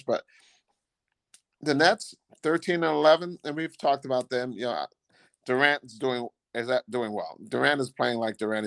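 A man co-hosting a podcast, talking casually about basketball in a rambling, halting way with many restarts. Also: medium pitch, creaky, dry recording. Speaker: podcast co-host. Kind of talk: casual sports chat.

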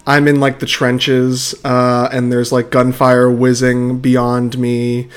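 A young man hosting a podcast, laid-back and easygoing. He trades short reactions and tells stories at a medium pitch. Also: monotone, slow, smooth. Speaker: podcast host. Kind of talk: casual chat.

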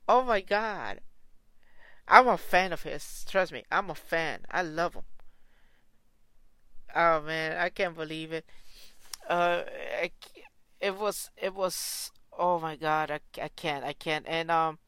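A woman talking in a casual reaction vlog, excitable and gushing, with slangy phrasing and frequent restarts. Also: low-pitched, takes it slowly, long pauses, smooth, dry recording. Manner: slangy, informal.

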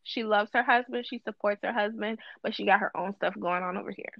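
A woman's voice: mid-range voice, steady tone, brisk, vocal fry, no echo, dull audio. A woman co-hosting a casual podcast chat, talking emphatically and repeating phrases for stress. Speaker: guest co-host.

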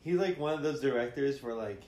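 A man co-hosting a casual chat podcast, speaking in a laid-back, halting way full of fillers. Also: medium pitch, darkish tone. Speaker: podcast co-host, drummer. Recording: echoey room.

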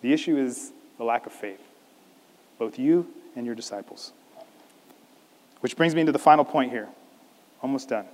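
A man preaching a sermon as a pastor, animated, acting out a scripture scene in different voices. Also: mid-range voice, normal speed, long pauses, big-room sound.

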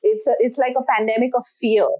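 A woman's voice: on the high side, fast, highs cut off. Frank, profane woman in casual chat. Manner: frank, profane, animated storytelling.

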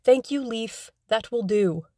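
A woman reading an audiobook, voicing a petulant young gentleman who answers curtly and impatiently. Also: on the high side, slow pace, no echo, studio quality, pitched above the performer's own voice. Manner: curt, impatient.

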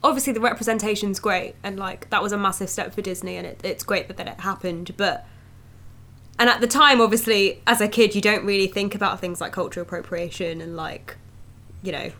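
A woman's voice: medium pitch, steady tone, fairly quick, sharp tone. A young woman talking frankly and casually as a film podcast co-host, with plenty of "like" fillers. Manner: chatty, frank, lots of "like" fillers. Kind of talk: casual chat.

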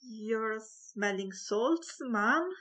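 A woman voicing a timid young housemaid in a read-aloud story, speaking in a small squeaky whimper. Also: very slow, sharp tone, full character voice.

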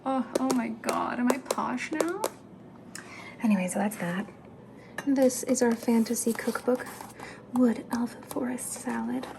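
A young woman in a soft, chatty, giggly whisper, giving an ASMR house tour of her home. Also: fairly high pitch, a little slow, vocal fry. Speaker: ASMR creator. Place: home, indoors. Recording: steady background hiss with clicks.

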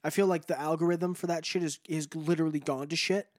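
Chatty man, higher voice, dry sound. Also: fairly even intonation, quick pace, darkish tone, no echo. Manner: rambling, swears a lot, many fillers. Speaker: podcast co-host. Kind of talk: casual chat.

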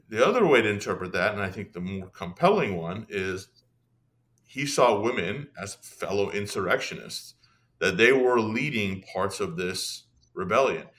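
A young man, a podcast guest, talking in an animated, casual way, with many restarts and asides. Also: lowish voice. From Iran. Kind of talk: casual conversational discussion.

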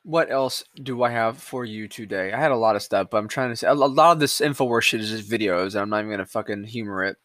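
This podcast host tears through the news in a rambling, sarcastic, foul-mouthed rant, talking fast with few pauses. His voice is fairly low and a bit bright, with no room sound.

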